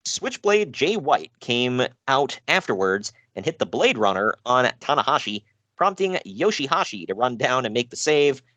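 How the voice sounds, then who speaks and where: A man's voice: medium pitch, very animated, normal speed, sharp tone, no echo, dull audio. A man hosting a casual podcast, reading out wrestling news with jokes and frequent laughs. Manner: jokey, self-deprecating, laughs often. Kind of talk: casual chat.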